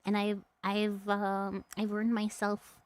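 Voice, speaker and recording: A woman's voice: medium pitch, monotone, slow pace. A woman streamer chatting casually and rambling, laughing often and snacking as she talks. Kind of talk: casual live-stream chat.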